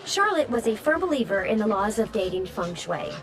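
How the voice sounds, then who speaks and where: An actress giving the wry, musing voice-over narration of a TV dating series, with music under it. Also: female voice, mid-range voice, very animated, brisk. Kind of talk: scripted narration.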